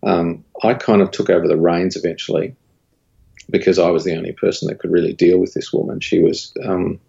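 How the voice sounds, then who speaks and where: Deep gravelly man. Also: fairly quick, muffled recording. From Australia. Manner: candid, recounts dialogue with rising animated pitch. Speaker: guest, studio owner and creative director. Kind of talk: casual interview storytelling.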